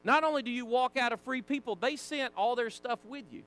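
A man with a Southern American accent teaching a Sunday school lesson, folksy and animated, acting out the people in the story. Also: very high voice, a little fast, a little hiss or hum. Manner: animated, acts out voices, folksy asides. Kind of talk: casual Bible teaching.

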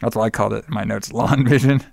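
A young man in casual podcast chat, recapping a movie with lively storytelling and acting out the characters' lines. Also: lowish voice, fast, vocal fry, dry recording, clean studio sound.

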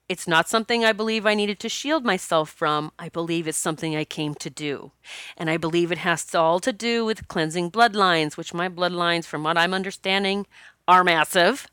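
A woman's voice: mid-range voice, a bit bright, smooth, no room sound, studio quality. A woman talking to camera in a casual, confessional way, rambling and laughing as she goes. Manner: chatty, laughs often, rambling restarts. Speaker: spiritual vlogger.

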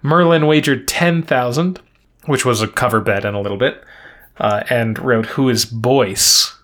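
Guy casually going over quiz scores and clues, laid back, average pitch. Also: unhurried. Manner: relaxed, recaps scores and clues in detail. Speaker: podcast co-host. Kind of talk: casual game-show recap chat.

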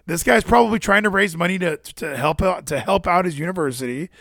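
A man's voice: high-pitched, brisk, vocal fry, few pauses, fairly bright tone, no echo, studio quality. A man streaming to his chat, reading news stories aloud and ranting about them in a casual, profane and incredulous way.

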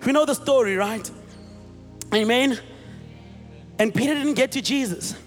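A male pastor preaching a sermon, retelling a scene with animated storytelling and acted-out voices. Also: very high-pitched, unhurried. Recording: reverberant hall, faint music.

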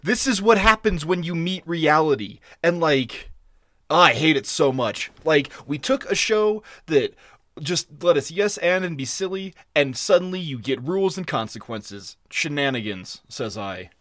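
A young man co-hosting a casual podcast talks loosely, swearing a lot and laughing often. His voice is a little high, expressive and fairly bright at normal speed, captured in a dry, clean studio recording.

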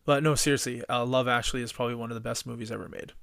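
A man's voice: mid-range voice, steady tone, racing, vocal fry, fairly bright tone, a little hiss or hum. A man from British Columbia hosting a podcast, telling stories eagerly in casual chat and swearing freely. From British Columbia, Canada. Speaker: podcast host.

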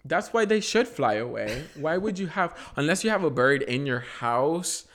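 A young man co-hosting a podcast in casual chat. His pitch rises and falls a lot as he talks, and he laughs through his own stories, poking fun at himself. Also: moderate pace. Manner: laughs through his storytelling, animated and self-mocking. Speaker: podcast co-host.

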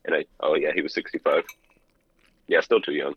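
Very deep-voiced man, dull lo-fi sound. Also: fairly quick, slightly rough, no echo. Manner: relaxed listener, brief acknowledgments. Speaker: podcast co-host. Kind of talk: casual chat.

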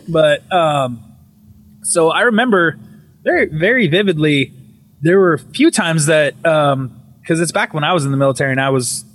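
In a casual podcast chat, a young man tells a ghost story at a normal speed, animated and swearing. He keeps stopping to restart phrases, and his pitch jumps up whenever he quotes himself.

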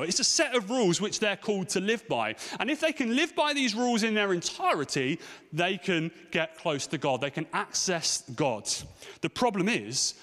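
A man's voice: high-pitched, a bit bright. A man in his thirties preaching a sermon to a congregation, telling stories and asking the room rhetorical questions. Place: church hall. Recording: long hall reverb.

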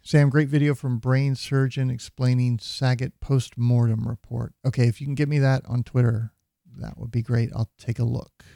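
A man's voice: medium pitch, level tone, normal speed, gravelly, warm tone, no echo, clean studio sound. A man hosting a live show, chatting casually and offhandedly, swearing and laughing often. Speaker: host. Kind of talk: casual live-stream chat.

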